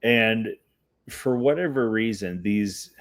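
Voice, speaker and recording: A man's voice: on the low side, slow pace. A man hosting a casual podcast chat, telling stories and explaining in a searching, hesitant way. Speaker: podcast host.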